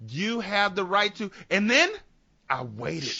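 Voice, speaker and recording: A man co-hosting a podcast, comically acting out a story and switching between a calm officer and a furious ranting woman. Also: high-pitched, slow, creaky, highs cut off. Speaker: podcast co-host. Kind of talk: comedic casual chat acting out a story.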